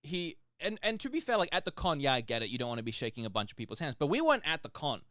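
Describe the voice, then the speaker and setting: Animated male podcast co-host, smooth tone, dry booth sound. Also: fairly high pitch, racing, no room sound. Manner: animated storyteller, laughs often. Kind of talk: casual chat.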